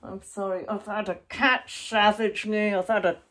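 A woman's voice: mid-range voice, flat delivery, moderate pace, a bit bright, natural voice. A woman doing ventriloquism, voicing a crude, cheeky male monkey puppet who sulks and swears. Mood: indignant. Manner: foul-mouthed, sulky, needling.

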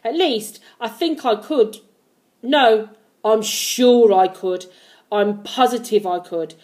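A woman voicing a small, timid male zookeeper with a squeaky voice, eager and hesitant by turns. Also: slow pace, darkish tone. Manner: eager, hesitant then sure.

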